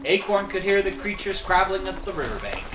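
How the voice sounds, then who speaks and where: A narrator reading a children's storybook aloud in an expressive, lively storytelling manner. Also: medium pitch, brisk, reverberant, noisy background.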